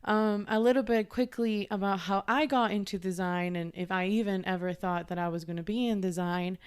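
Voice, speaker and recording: A woman from Ecuador in her thirties hosts a relaxed podcast conversation. She talks in a chatty, upbeat way with a smooth, clear voice at a middling pitch. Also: a little fast. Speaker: host. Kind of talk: casual podcast chat.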